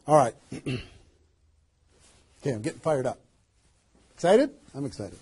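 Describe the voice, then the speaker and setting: A man giving a motivational seminar talk as a network marketing trainer, energetic and emphatic, firing rhetorical questions at a live audience. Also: a little high, measured pace, breathy edge.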